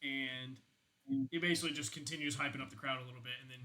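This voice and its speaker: Young rambling game master, bright voice. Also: male voice, mid-range voice, fairly even intonation, quick pace, rough recording. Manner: rambling, lots of "like" and swearing. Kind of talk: narrating a tabletop game, casual.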